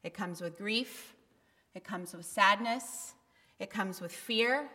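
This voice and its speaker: A woman's voice: mid-range voice, slow, sharp tone. A woman pastor giving a candid, conversational sermon with bursts of emphasis, recorded in a church. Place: church sanctuary. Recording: long reverb of a church hall.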